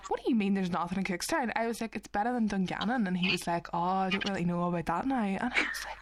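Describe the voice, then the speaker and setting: A woman's voice: mid-range voice, fast, background noise. A Northern Irish woman in her twenties co-hosting a podcast, telling stories in casual chat and acting out what others said. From Northern Ireland. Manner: animated storytelling, acts out quoted voices. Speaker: podcast co-host.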